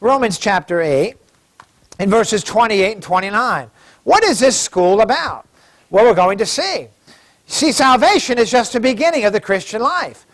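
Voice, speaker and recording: A man preaching a sermon as pastor, reading scripture aloud slowly and with emphasis. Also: high-pitched, lively intonation, a bit bright.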